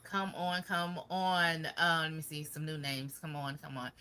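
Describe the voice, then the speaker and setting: A woman with a low, bright, forceful voice chats casually while hosting a gardening livestream. She greets viewers one by one and leans on "y'all" as she talks. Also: level tone, measured pace, clean tone. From Michigan. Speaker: livestream co-host. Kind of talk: casual chat.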